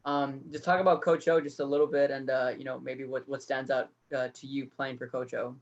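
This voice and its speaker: Flat-voiced man asking interview questions. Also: mid-range voice, fairly quick. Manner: hesitant, many "uh"s. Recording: dull lo-fi sound.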